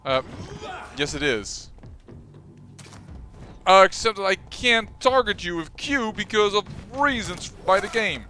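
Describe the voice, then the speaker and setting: A man's voice: high-pitched, expressive, a little slow, long pauses, bright, forceful tone. A man hosting a let's play, chatting through his gameplay with wry, self-mocking remarks. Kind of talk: gameplay commentary. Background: faint game music.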